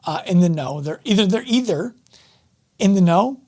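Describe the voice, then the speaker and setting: A man's voice: high-pitched, lively intonation, normal speed, a little mellow. A man hosting a fitness podcast and interviewing a guest, chatty, asking long winding questions. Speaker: podcast host and fitness coach. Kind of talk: casual interview talk.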